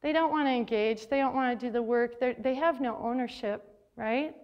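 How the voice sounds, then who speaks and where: A woman's voice: a little high, normal speed, highs cut off. A woman who advises a school journalism program, speaking to a room of teachers at a conference and telling classroom stories full of quoted dialogue. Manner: lively storytelling with quoted dialogue. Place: forum hall.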